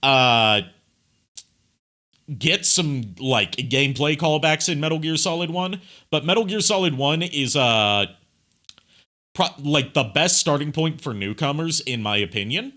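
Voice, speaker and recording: Streamer guy, chatty and rambling, bright tone, very animated delivery. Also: a little high, unhurried. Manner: chatty, rambling, full of fillers and asides. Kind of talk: casual gaming stream commentary.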